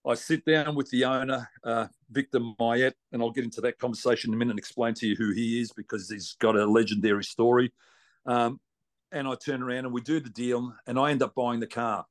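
A man's voice: mid-range voice, fairly even intonation, fairly quick. Blunt Australian man spinning a yarn. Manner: blunt, salty, colloquial. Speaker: racing driver guest. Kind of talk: casual storytelling.

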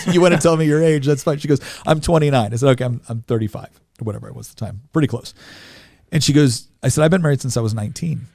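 A man's voice: mid-range voice, fast, darkish tone, no echo, studio quality. Earnest man telling a story. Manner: earnest, repeats words as he goes. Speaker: guest. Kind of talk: storytelling in a podcast interview.

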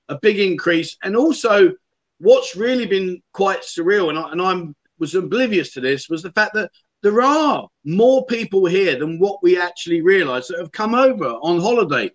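A man with a high-pitched, fairly bright voice hosts a livestream chat show. Chatty and casual, he tells stories and reads out viewer comments.

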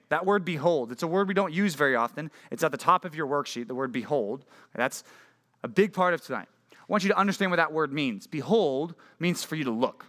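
A man, a youth pastor, giving a casual and conversational sermon to a junior high group, often asking his listeners questions. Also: pushed and bright. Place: church youth group meeting.

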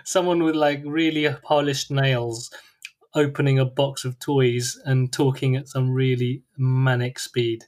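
A man's voice: mid-range voice, level tone, unhurried, a little mellow. A man hosting a podcast in casual chat, laughing often and teasing his guest. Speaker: podcast host.

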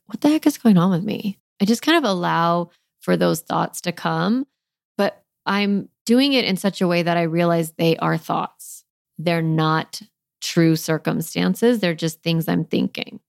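Chatty woman with a gravelly edge. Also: fairly low pitch, dry recording, clean studio sound. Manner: chatty, gentle, lots of "like" and self-questions. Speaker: podcast host and parenting coach. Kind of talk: casual solo podcast talk.

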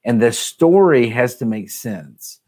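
A man's voice: medium pitch, lively intonation, slow, dark tone. A man giving advice as a podcast guest, talking casually and explaining step by step, often rephrasing himself as he goes. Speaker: guest admissions advisor.

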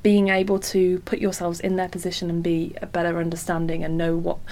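A woman's voice: fairly low pitch, monotone, a little fast, darkish tone. A woman, a singer-songwriter guest, chatting casually in an interview and laughing at herself. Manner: chatty, self-deprecating, full of "like".

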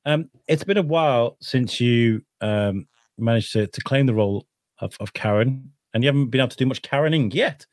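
A man's voice: mid-range voice, moderate pace, no room sound, studio quality. A man hosting a casual podcast interview, hesitant and prone to repeating words as he gets going. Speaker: host.

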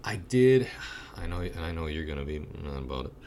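A man's voice: very deep voice, big pitch swings, fairly quick, a little mellow, slight background noise. A young man rambling casually and swearing now and then while reviewing a movie with a friend.

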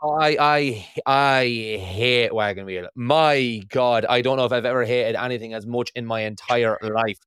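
A man's voice: mid-range voice, fairly even intonation, moderate pace, hardly any pauses, fairly bright tone, clear, resonant tone, no room sound, studio quality. An Irish man in his early thirties, hosting a podcast in casual chat, swearing freely and laughing at his own stories over a remote call. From Ireland. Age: early 30s. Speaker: podcast host.

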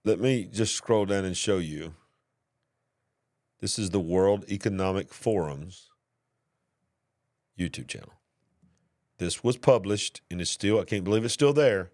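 A middle-aged man with a Southern US accent, hosting a commentary show and telling a story in a lively voice, acting out both sides. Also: low-pitched, a little slow, pauses often. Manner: animated, acts out both sides of the story, drawling. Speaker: host.

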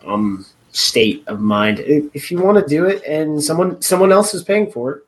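A man's voice: on the high side, expressive, normal speed, rough recording. A man hosting a casual podcast chat, rambling and hesitant, with dry sarcasm.

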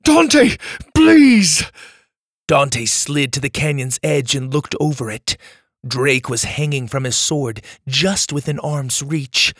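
Guy reading a kids adventure story out loud, slow and dramatic, dry close sound. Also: mid-range voice, fairly even intonation, no room sound. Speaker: narrator. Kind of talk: scripted storybook narration.

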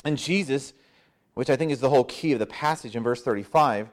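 A man preaching a sermon, acting out voices in a lively, conversational way. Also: mid-range voice, a little fast. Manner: animated, acts out crowd voices with "hey". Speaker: pastor.

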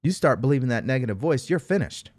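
A man's voice: mid-range voice, expressive, quick pace, a little mellow, no echo. A man giving an emphatic motivational talk, full of rhetorical questions and repeated phrases. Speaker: motivational speaker. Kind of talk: motivational monologue.

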